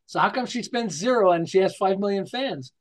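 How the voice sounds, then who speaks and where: Brisk and higher-pitched, this American man is a marketing author guesting on a storytelling interview. His delivery is animated and rambling, full of restarts, jokes, and acted-out quotes and scenes.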